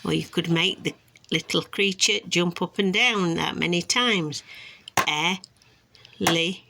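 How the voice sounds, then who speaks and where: A woman speech and language therapist from England, teaching parents sound awareness games in a slow, careful way and stretching out words to model them. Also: lowish voice, creaky, noisy background. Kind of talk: instructional demonstration for parents.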